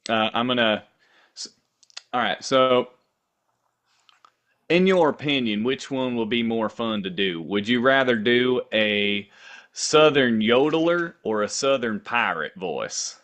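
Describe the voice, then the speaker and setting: Dude co-hosting, playful joking questions, mid pitch. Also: male voice, expressive, slow, fairly bright tone. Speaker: podcast co-host. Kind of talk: casual podcast questions.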